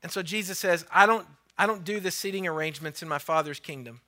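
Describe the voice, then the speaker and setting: A male pastor preaching a sermon, retelling a story with lively voices for the characters and repeating phrases for emphasis. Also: high-pitched, quick pace. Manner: animated storytelling, acting out the voices of biblical figures.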